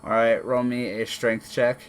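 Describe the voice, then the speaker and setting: Male game master, slow laid-back narrator with plenty of fillers, light hum in the background. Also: mid-range voice. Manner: relaxed, many fillers and restarts. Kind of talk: narrating a tabletop game over an online call.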